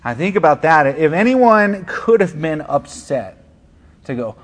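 A man's voice: fairly high pitch, very animated, measured pace, slightly rough. Earnest, conversational male pastor. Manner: earnest, conversational preaching with fillers and repeats. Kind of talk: sermon. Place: church.

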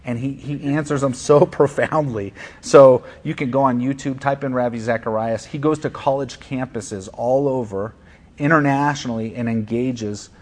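A man's voice: medium pitch, fairly even intonation, normal speed. A male pastor preaching from the pulpit in a church. He speaks earnestly but casually, with frequent fillers and restarts as he talks to the congregation. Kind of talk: sermon.

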